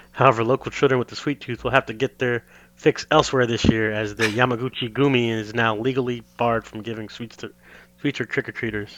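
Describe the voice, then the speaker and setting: Bright-voiced man, very dry sound. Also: mid-range voice, dry recording, dull audio. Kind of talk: casual podcast chat.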